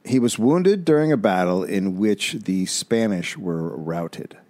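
A man's voice: lowish voice, animated, a little slow, darkish tone. A man co-hosting a comedy podcast, loosely retelling history with swearing. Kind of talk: casual storytelling.

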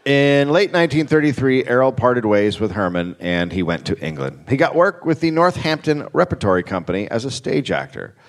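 A man's voice: medium pitch, animated, fairly quick, hardly any pauses. A man hosting a live comedy podcast, telling a story in a dry, wry way with crude asides. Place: live show on stage.

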